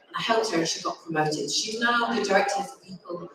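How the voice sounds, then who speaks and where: A woman's voice: medium pitch, brisk, a crowd in the background. A woman, a speaking consultant giving an enthusiastic, encouraging live talk to an audience. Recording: echoey, distant live room recording.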